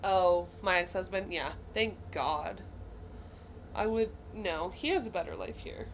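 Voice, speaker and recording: A woman's voice: on the low side, measured pace, slight background noise. A young woman co-hosting a podcast, telling stories in casual chat, laughing and swearing as she goes. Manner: laughing, animated storytelling with swearing. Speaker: podcast co-host.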